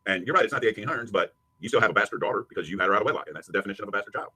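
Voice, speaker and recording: A man's voice: on the low side, expressive, very fast, sharp tone, breathy edge. A man hosting a livestream, taunting and cursing in heated commentary aimed at a rival. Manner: taunting, profane, mocking. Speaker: livestream host.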